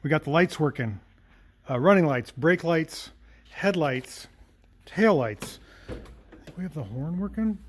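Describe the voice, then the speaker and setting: A man's voice: fairly high pitch, lively intonation, a little slow, pauses often. A man casually narrating his work on an old car, matter-of-fact and slightly out of breath. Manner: matter-of-fact, talks while working. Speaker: mechanic vlogger. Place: garage and then driving a small car. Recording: noisy engine background.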